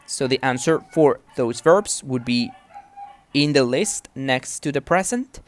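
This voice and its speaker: Teaching English grammar and pronunciation, this woman has a very deep voice with lively intonation and an unhurried pace. In the recorded lesson she explains things patiently, one step at a time, and keeps checking on the learner.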